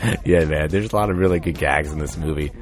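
A man's voice: extremely low pitch, quick pace, faint music behind. A man co-hosting a podcast, chatting casually in a laid-back, rambling way with lots of fillers. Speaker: podcast co-host. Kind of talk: casual chat.

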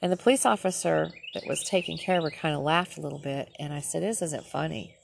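Low gravelly woman ranting bluntly. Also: fast, noisy background. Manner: blunt, profane, animated storytelling. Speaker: nurse. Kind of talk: ranting personal vlog.

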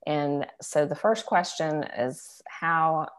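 A woman's voice: low-pitched, takes it slowly. A middle-aged woman from Virginia, a health coach, telling her story as an interview guest in a reflective, conversational way. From Virginia, United States.

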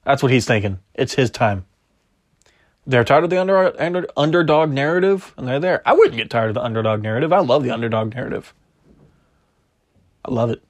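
A man's voice: medium pitch, animated, a little fast, pauses often. A man hosting a casual sports podcast, opinionated and arguing back and forth with himself. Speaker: podcast host.

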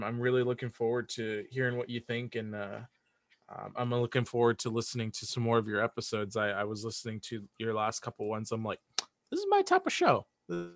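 Guy guesting on a podcast, kinda hesitant, stumbles a lot, bright tense tone. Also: mid-range voice, vocal fry, dry recording, studio quality. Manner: hesitant, many restarts and fillers. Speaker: guest, audio drama writer. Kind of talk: casual chat.

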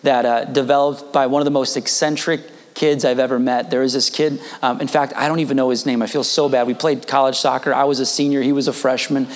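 A man's voice: mid-range voice, little pitch movement, fast talker, hardly any pauses, big-room sound. A young man in his twenties, a pastor telling a personal story in a casual, rambling sermon with frequent restarts.

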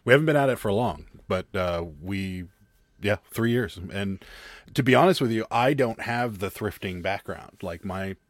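A man with a lowish voice tells his story in a loose, rambling way, restarting his sentences as he goes. The recording is dry and close. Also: expressive, normal speed, dry recording. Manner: rambling, restarts while telling stories. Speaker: guest. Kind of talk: casual chat, storytelling.

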